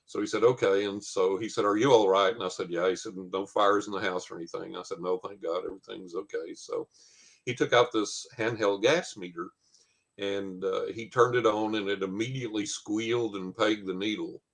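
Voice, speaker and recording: A man's voice: on the low side, fairly even intonation, moderate pace, creaky. A man, telling a long personal story as a guest, with lots of fillers and quoted dialogue. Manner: rambling anecdote with many fillers and quoted dialogue. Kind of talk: casual storytelling.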